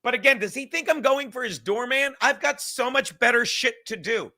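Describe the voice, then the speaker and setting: A podcast host with a very high, animated, bright, forceful voice rants about the clips he's reacting to. He's sarcastic and profane, and the commentary builds rapidly.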